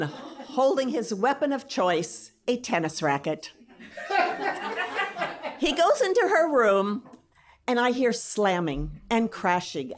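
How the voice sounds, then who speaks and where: Animated middle-aged woman telling a story. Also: mid-range voice. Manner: expressive, dramatic retelling with voiced quotes. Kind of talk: live personal storytelling. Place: stage before a live audience.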